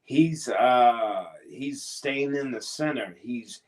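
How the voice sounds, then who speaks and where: A professional wrestler speaks in a slow, medium-pitched voice during a casual interview. He sounds earnest and a little hesitant, and at moments he turns encouraging.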